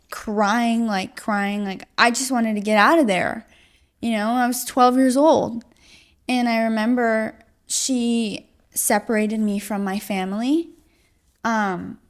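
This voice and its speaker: A young woman in her late teens giving a personal testimony as a guest, talking in a halting, casual way full of "like". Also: medium pitch.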